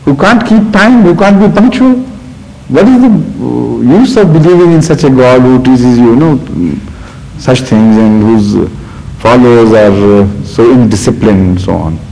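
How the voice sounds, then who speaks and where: Deliberate man in a reverberant hall. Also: mid-range voice, animated, vocal fry, a little mellow. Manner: deliberate, with frequent "uh" pauses and restarts. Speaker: speaker answering audience questions. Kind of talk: question-and-answer talk with storytelling.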